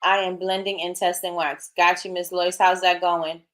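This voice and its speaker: A woman's voice: lowish voice, little pitch movement, normal speed, a bit bright. Chatty woman hosting a livestream. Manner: encouraging, chatty, reads viewer comments aloud. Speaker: livestream host. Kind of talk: casual livestream chat.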